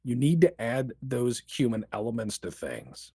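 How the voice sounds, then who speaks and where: A man guest on a podcast, talking casually and firing off rhetorical questions in a lively way. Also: mid-range voice, husky, dry recording, clean studio sound. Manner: animated, rapid-fire rhetorical questions. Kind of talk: casual interview chat.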